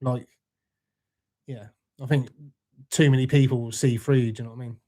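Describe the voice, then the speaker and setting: A man's voice: medium pitch, fairly even intonation, a little fast, dark tone. A British man hosting a casual livestream, answering viewer comments with laid-back, jokey banter and frequent swearing. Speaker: livestream host. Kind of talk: casual live chat reading comments.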